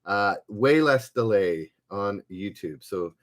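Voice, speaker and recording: A man's voice: on the low side, animated. A man hosting a live-streamed trivia game, reading each question twice and stopping often to search for words. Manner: halting, hesitant, reads questions aloud twice with many fillers. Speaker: livestream trivia host. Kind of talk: casual live-stream chat.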